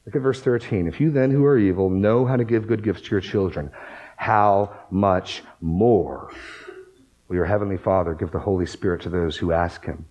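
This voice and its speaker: A man's voice: low voice, normal speed, darkish tone, dull audio. A man preaching a sermon, working through scripture passages and rising to emphatic bursts on key words. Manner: quotes scripture aloud, reads verses with emphasis. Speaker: pastor.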